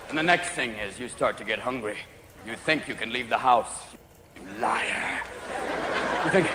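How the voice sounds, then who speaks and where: With a medium-pitched voice and moderate pace, a stand-up comedian leaves long pauses during a manic routine where he leaps between voices. The stage recording is echoey, with loud crowd laughter and noise.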